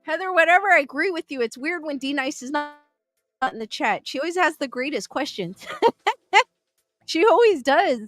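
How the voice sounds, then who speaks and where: A woman's voice: sits high, expressive, normal speed, pauses often, a bit bright, soft background music. A woman hosting a livestream, answering viewer chat questions casually, chatty and thinking aloud with fillers and laughs. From Southern California. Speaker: livestream host reading chat.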